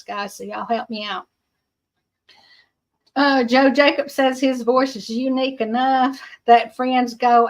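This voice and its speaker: A middle-aged woman with a Georgia Southern accent, hosting a casual livestream, chatty and laughing often while reading viewer comments. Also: a little high. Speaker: livestream host.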